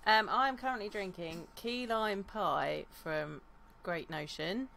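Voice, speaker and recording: A woman's voice: mid-range voice, vocal fry, very noisy. A woman co-hosting a podcast, easygoing and casual in her chat. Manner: easygoing, quick reactions. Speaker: podcast co-host.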